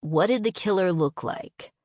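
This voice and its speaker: A curt, impatient spy boss. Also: female voice, medium pitch, animated, unhurried, darkish tone, dry recording, studio quality. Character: terse male government spy boss. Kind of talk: audiobook character voice.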